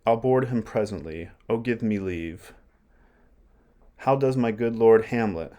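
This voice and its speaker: A man's voice: on the low side, a little slow, dark tone, natural voice. A man reading aloud the lines of a fussy, meddling old male courtier, in a plain reading voice.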